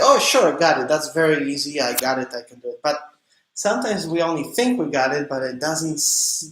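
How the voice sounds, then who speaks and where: Male dance instructor, slow coaxing delivery, mic far off. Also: a little high, a bit bright, slight background noise. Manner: counts beats aloud, coaxing and encouraging. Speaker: dance teacher. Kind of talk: live online dance class. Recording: echoey room, from a distance.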